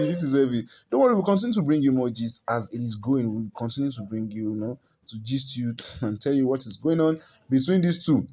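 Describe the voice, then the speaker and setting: Nigerian male gossip vlogger, mid-pitched voice, repeats himself, quick chuckles. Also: lively intonation, dark tone. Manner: repeats words and stumbles, chuckles often. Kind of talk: chatty celebrity gossip commentary.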